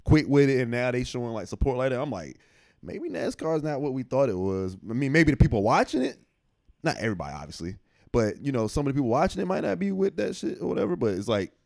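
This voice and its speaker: A man's voice: medium pitch, sing-song, quick pace, vocal fry, a little mellow. A man co-hosting a podcast, thinking aloud in casual slangy chat. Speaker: podcast co-host.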